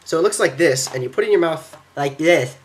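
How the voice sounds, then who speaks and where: A teenage boy telling a quick, excitable vlog story about a trip, slipping into silly voices when quoting people, recorded at his computer. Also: a little high, very noisy. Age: teens. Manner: fast, excitable, acts out quotes in silly voices. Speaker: exchange student vlogger.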